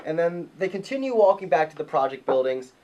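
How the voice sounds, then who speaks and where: A man hosting a casual podcast, telling a story in a profane, excitable way. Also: on the high side, fairly quick, lo-fi sound. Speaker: podcast host.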